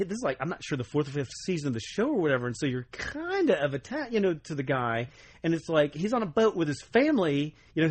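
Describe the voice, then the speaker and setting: A young adult man co-hosting a podcast in casual chat, telling animated stories and slipping into quoted voices. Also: a little high. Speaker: podcast co-host.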